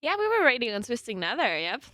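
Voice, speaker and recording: A woman's voice: on the high side, huge pitch swings, fast talker, pushed and bright. A young woman from South Tyrol with a South Tyrolean German accent, chatting casually with her live chat as a streamer, giggling often and swearing casually. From South Tyrol, Italy.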